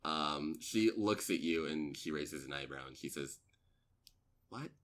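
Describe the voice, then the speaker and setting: A man's voice: a bass voice, normal speed, fairly bright tone. A man narrating as game master of a tabletop role-playing game, rambling with many fillers.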